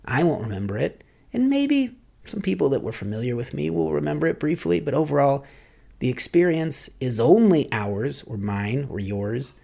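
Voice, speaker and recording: Male podcast host, gravelly, reflective rambling monologue. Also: mid-range voice, lively intonation, moderate pace, warm tone. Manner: musing, rambling, philosophical.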